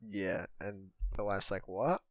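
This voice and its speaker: A man's voice: fairly low pitch, normal speed, no echo. A man co-hosting a podcast, casually recapping a movie and swearing freely. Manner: laid-back, swears often, acts out quotes. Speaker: podcast co-host.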